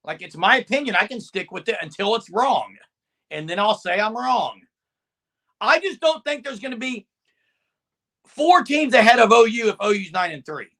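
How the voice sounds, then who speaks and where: A man co-hosting a casual sports talk stream, loud and emphatic, sometimes yelling. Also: high voice, animated, normal speed. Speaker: co-host.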